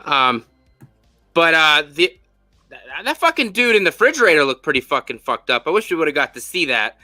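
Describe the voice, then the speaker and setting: Animated, bright-voiced man chatting. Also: a little high, fairly quick, dry recording, clean studio sound, faint music behind. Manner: animated and profane, with lots of fillers. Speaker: podcast host. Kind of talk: casual spoiler review chat.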